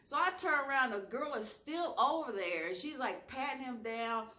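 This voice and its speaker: Southern woman storytime vlog, animated and chatty with slang, echoey room. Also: high-pitched, normal speed. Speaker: YouTuber telling a story.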